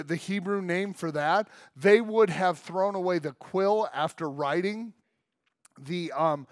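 A male pastor delivers a sermon in an easygoing, conversational way, punching key words loudly and then dropping low and soft. His voice sits a little high for a man. The recording is dry, with little room sound. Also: no room sound. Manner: conversational and emphatic, leaning on "like" and sudden swings from loud to soft. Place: church service room.

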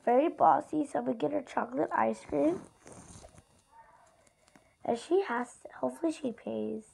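High, gravelly chatty female gamer. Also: normal speed, darkish tone, a little hiss or hum, poor audio. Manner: chatty and rambling, often addresses viewers directly. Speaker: gaming YouTuber. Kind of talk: casual gameplay vlog narration.

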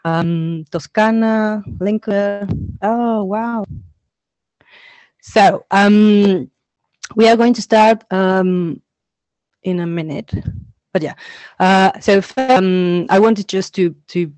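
An Argentine woman with a mid-range voice presents a teacher-training webinar as an online conference talk, speaking slowly and chattily with lots of ums and uhs, and getting excited reading out names from the chat. Her computer mic on the video call gives a sound with no room echo.

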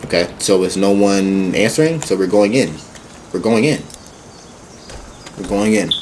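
A man commenting on a video game as he plays, casual and loud, swearing and shouting often. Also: fairly low pitch, animated, unhurried, a little hiss or hum. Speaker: gaming streamer. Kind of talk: casual let's-play commentary.

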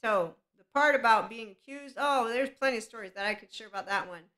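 In a casual solo podcast episode, a woman with a fairly high, pushed, bright voice talks a little fast. She rambles chattily to her listeners, laughing as she goes.

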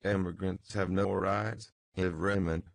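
A man narrating a novel, voicing a hard, stolid male revolutionary officer with curt, flat questions. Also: low voice, unhurried, vocal fry, dry recording.

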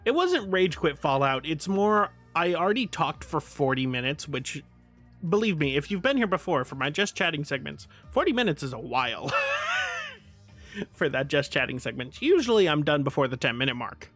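A man's voice: on the high side, huge pitch swings, normal speed, a bit bright, slightly rough, faint music behind. A man streaming a game and chatting casually with his viewers, laughing often and swearing now and then. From United States.

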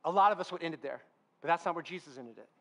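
A man with a high voice preaches in a church. He tells the story with animated, acted-out dialogue. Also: rapid-fire. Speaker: pastor. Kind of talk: sermon.

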